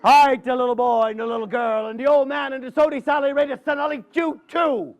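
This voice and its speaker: Guy doing a big hungry brown bear, growly and bragging, voice pitched up high. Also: steady tone, brisk, dull audio. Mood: menacing. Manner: growling, boastful threats. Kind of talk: storytelling to a live audience.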